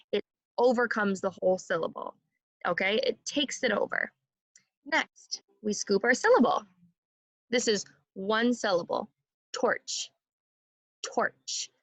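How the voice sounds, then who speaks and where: A woman teaching a second grade phonics lesson, sounding out words slowly and clearly and having the class repeat after her. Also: mid-range voice, fairly bright tone, no echo, poor audio.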